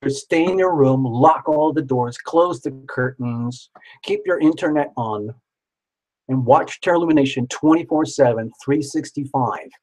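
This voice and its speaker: A man hosting a live tarot reading stream, talking in a chatty, excitable way and joking with his viewers. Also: a little high, measured pace, poor audio. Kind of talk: casual live-stream chat.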